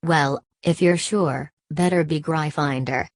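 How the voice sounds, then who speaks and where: A woman voicing an old, wise male magic hat that speaks slowly and thoughtfully. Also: low-pitched, no room sound. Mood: musing.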